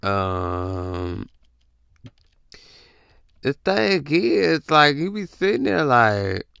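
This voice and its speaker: A man's voice: mid-range voice, very animated, drawn-out words, gravelly, fairly bright tone, clear, resonant tone, no echo. A man hosting a casual comedic podcast rant, talking close to the mic and acting out confused texters in jumpy voices. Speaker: podcast host.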